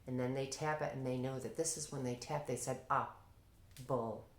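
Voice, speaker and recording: A woman reading teacher explaining her teaching method, demonstrating classroom prompts in a lively voice. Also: very deep voice, fast. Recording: echoey room.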